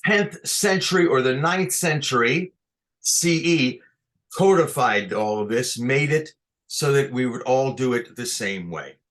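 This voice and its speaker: Slow, patient cantor teaching online. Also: male voice, mid-range voice, a bit bright. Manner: patient, explains step by step with frequent checks. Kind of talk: online lesson on chanting scripture. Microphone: computer mic on a video call.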